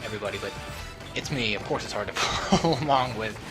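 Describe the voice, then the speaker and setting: A man's voice: on the low side, fast, music in the background. A young man giving casual, rambling gaming commentary at home, joking and laughing as he drifts off topic. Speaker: let's play host. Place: at home, not alone.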